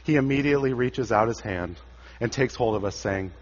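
A man preaching a sermon, dramatic, rising loud for quoted cries and dropping low and quiet for solemn lines. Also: brisk. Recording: dull sound with long church reverb.

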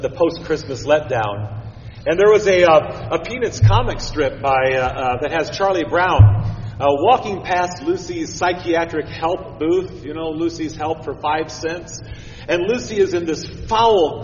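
A man's voice: on the high side, a little hiss or hum. A man, a pastor, preaching a sermon with emphatic build-ups and wry asides. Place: church sanctuary. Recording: echoey church hall, dull sound.

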